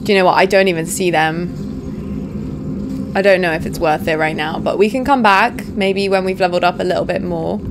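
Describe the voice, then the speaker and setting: Excitable woman gaming, noisy mic. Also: on the low side, brisk. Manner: excitable, swears, chats to viewers. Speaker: let's play host. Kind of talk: casual gameplay commentary. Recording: background noise under voice.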